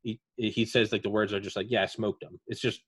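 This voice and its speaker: A man's voice: fairly low pitch, little pitch movement, fairly quick, slightly rough, dry recording. A man hosting a casual podcast chat, retelling veterans' war stories in a rambling way with lots of fillers. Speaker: podcast host.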